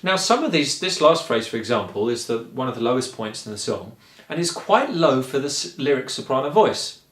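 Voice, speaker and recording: A man giving a singing lesson, explaining calmly and encouragingly, step by step. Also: medium pitch, a little fast, reverberant. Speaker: singing teacher. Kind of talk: vocal lesson.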